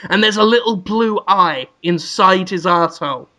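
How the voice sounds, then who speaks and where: High, bright man spinning a silly tale. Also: moderate pace. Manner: rambling, giggling, bursts into silly put-on voices. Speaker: podcast panelist. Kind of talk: comedic storytelling on a podcast.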